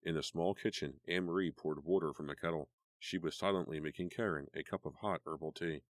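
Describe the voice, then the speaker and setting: A man narrating an audiobook in a measured storytelling manner. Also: a bass voice, no room sound, clean studio sound. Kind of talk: scripted narration.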